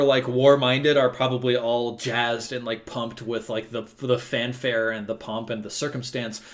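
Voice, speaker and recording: A man running a tabletop role-playing game as game master, narrating loosely with lots of fillers. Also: mid-range voice.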